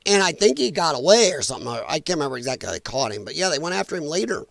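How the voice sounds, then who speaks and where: Racing along in a fairly high, creaky, fairly bright voice with big pitch swings and no echo, a man hosts a casual political livestream. He's blunt and exasperated, coughing from an irritated throat and offering frequent apologies.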